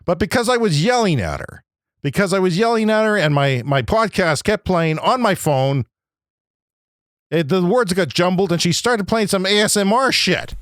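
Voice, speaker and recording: A man hosting a podcast, delivering an agitated, profane comedic rant that swings between loud outbursts and low muttering. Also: lively intonation, normal speed, dry recording, clean studio sound. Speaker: podcast host. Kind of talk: ranting comedic monologue.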